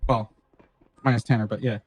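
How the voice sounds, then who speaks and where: A man's voice: medium pitch, fairly even intonation, brisk, slightly rough, no echo. A man in a roleplay game talking in character, hesitant and stumbling over his words.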